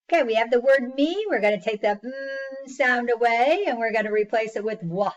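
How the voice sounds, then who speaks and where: A woman's voice: medium pitch, dull audio. A woman teaching a phonics lesson to young children, patiently sounding out words and praising each answer.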